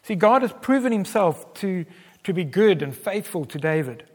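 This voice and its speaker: A man preaching a sermon in an earnest, emphatic way, pressing on key words and letting others fall soft. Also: high voice, expressive, normal speed, big-room sound. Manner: earnest, emphatic, with wide swings in loudness.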